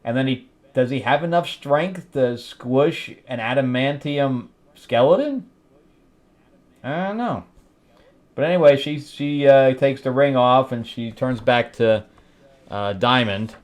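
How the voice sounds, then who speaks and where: A man's voice: medium pitch, unhurried. A middle-aged man hosting a comic review show, recapping an issue in a loose, rambling way, chuckling at his own asides with lots of fillers. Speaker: comic book review host. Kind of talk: casual solo recap.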